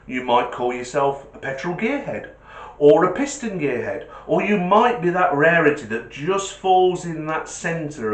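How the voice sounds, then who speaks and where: Man, car channel host, casual chat to camera, jokey, lively intonation, echoey room. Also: medium pitch. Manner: chatty, jokey, asks viewers directly.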